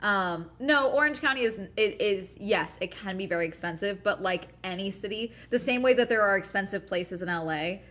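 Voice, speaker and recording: Bright-voiced chatty Southern California woman. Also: lowish voice. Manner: chatty, reads chat aloud, frequent ums and likes. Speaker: streamer host. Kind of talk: casual livestream chat.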